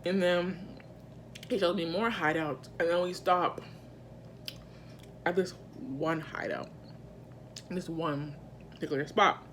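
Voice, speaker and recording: A woman vlogger telling a personal story in casual storytime style, animated and slangy, with emphatic asides to her viewers. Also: lowish voice, takes it slowly, pauses often, a little hiss or hum.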